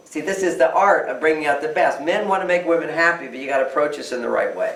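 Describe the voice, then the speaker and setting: Gravelly, emphatic older man. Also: fairly high pitch, fast, fairly bright tone. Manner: emphatic, acts out quoted voices. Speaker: relationship author, guest. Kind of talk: interview answers. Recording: echoey room, distant mic.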